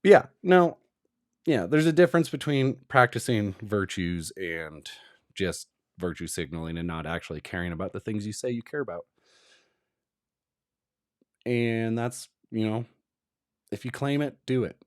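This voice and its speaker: A man's voice: lowish voice, measured pace, long pauses, no room sound, clean studio sound. A young adult man giving an emphatic, rambling, opinionated commentary. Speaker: commentary vlogger.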